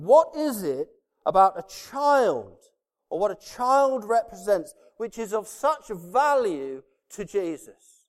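High-voiced preacher in an echoing hall. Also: male voice, big pitch swings, takes it slowly. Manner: emphatic, repeats key words, swings between loud and hushed. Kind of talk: sermon. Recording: long reverb of a large hall.

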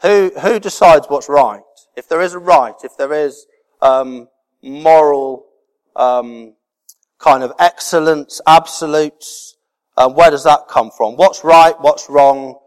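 A man's voice: fairly high pitch, slow. A man preaching a sermon as pastor, earnest and repeating key words for emphasis. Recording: reverberant hall.

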